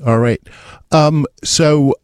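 A man's voice: on the high side, takes it slowly, a little mellow, smooth, no room sound. A man hosting a radio music show in the studio, chatting casually and hesitantly with plenty of ums. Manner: hesitant, many ums, chuckles. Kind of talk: casual on-air chat.

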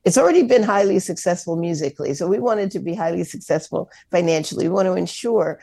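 An upbeat woman hosting a radio pledge drive, her voice warm and mellow with a gravelly edge. She talks from a radio studio, encouraging listeners and thanking them for their support. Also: on the low side, lively intonation, quick pace. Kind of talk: community radio fundraising talk.

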